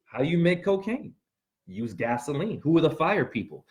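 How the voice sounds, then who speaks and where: A man hosting a rambling motivational monologue, talking straight to his viewers and breaking into sudden yelps and shouts. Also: on the high side, very animated, normal speed. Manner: addresses viewers directly with frequent "right?". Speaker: spiritual video host.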